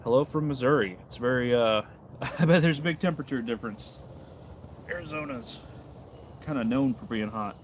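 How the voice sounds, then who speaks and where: A man's voice: mid-range voice, moderate pace, dull audio, slight background noise. A man casually chatting on a livestream outdoors in the cold, reading out and answering chat messages. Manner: laid-back, reads and answers chat while carving. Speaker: livestream host.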